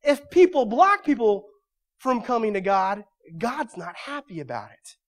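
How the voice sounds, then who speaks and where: A male pastor delivering a sermon in a church, moving from quiet storytelling to loud, emphatic preaching. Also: very high voice, big pitch swings, measured pace.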